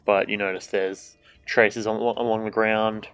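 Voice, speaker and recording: A man with a fairly low voice chats his way through a game stream from a desk microphone at home. He jokes and swears freely and reads the game's lines out loud. Soft game music plays behind him. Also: flat delivery, measured pace, smooth. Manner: joking and irreverent, swears, reads game dialogue aloud. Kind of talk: casual gameplay commentary.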